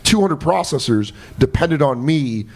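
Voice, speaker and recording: A comedian guest on a podcast, telling profane, laughing anecdotes in casual chat. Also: male voice, a little high, expressive, a little slow, a little mellow, breathy edge.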